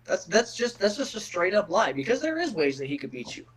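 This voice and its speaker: Middle-aged male podcast guest: slightly high pitch, blunt and profane, restarts his sentences. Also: very animated, fairly quick, rough recording. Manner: blunt, profane, repeats words when starting sentences. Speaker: guest, MMA fighter. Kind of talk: casual podcast chat.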